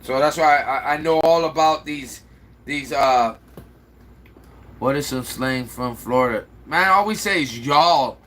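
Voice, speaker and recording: A man's voice: medium pitch, a little slow, a bit bright. A man with a slight Chicago accent, rambling and answering viewer comments aloud in a casual livestream chat. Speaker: livestream host.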